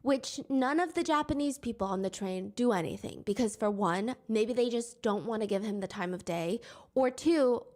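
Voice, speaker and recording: A young woman narrates a commentary video. Her voice sits a little on the high side, and she keeps a casual, wry delivery throughout, with frequent incredulous asides. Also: moderate pace, darkish tone. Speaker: commentary YouTuber. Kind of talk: storytelling commentary.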